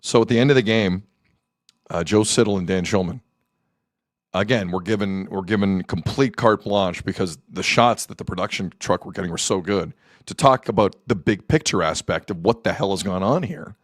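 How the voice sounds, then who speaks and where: A man hosting a sports talk show, excitable, jumping between shouting and low muttering. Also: normal speed, no echo, studio quality.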